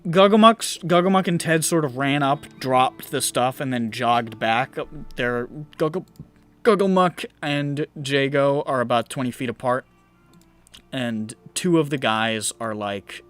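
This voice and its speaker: A man narrating a tabletop game as game master, unhurried, with many fillers and restarts. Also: medium pitch, a bit bright, smooth.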